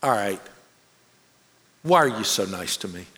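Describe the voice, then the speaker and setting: A man's voice: on the low side, animated, measured pace, fairly bright tone, pitched below the performer's own voice. A man voicing a rude, suspicious man who speaks bluntly, quoted in a sermon. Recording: long reverb of a large hall.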